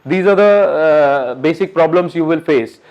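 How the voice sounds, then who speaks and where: A man giving an interactive medical lecture at a workshop, quizzing the audience in a coaxing, brisk way. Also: a little high, highs cut off.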